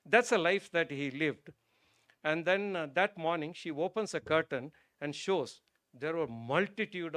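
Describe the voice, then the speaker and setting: A man's voice: a little high, unhurried, no room sound. A man from India giving a public talk on religion, telling a story that moves him and then building to emphatic points. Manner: storytelling, grows emotional and soft. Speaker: guest speaker. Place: auditorium stage.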